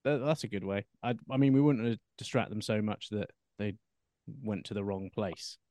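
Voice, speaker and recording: A man hosting a casual football podcast, trading quick, laughing banter. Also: fairly low pitch, warm tone, no room sound, clean studio sound. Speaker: podcast host. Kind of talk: casual chat.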